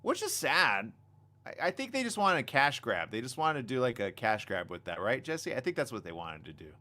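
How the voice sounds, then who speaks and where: Livestream host guy, super animated, bright voice, talks into a desk mic. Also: mid-range voice, brisk. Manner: animated, excitable, reads viewer comments aloud. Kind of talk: casual live chat. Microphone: desk condenser mic.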